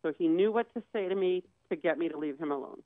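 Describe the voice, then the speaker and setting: Her voice sits fairly low and moves at a quick pace as she, a guest, vividly relates a dramatic personal story and performs the quoted dialogue. It sounds thin and boxy, like a phone call, and entirely dry.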